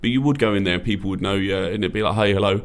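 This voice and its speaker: A man's voice: on the low side, rapid-fire. A British man in his thirties co-hosting a podcast, rambling and joking in casual chat. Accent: British English. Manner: rambling, jokey, puts on drunk-bloke voices. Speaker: podcast co-host.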